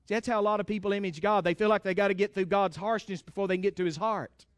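A man's voice: high voice, steady tone, fast talker, few pauses, clean tone, no room sound, studio quality. A man preaching a sermon with fervent emphasis, calling out to his congregation for amens.

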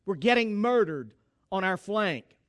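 A man's voice: high voice, expressive, unhurried, a bit bright. A man voicing an old, hard-nosed, wounded sergeant who talks bluntly and gloomily.

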